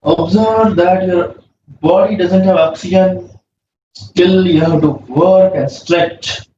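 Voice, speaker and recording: A man instructs a yoga class, drawing out each breathing cue slowly and calmly. There's a faint hum underneath, and the sound is roomy and a bit muffled since he's well off the mic. His voice sits high for a man.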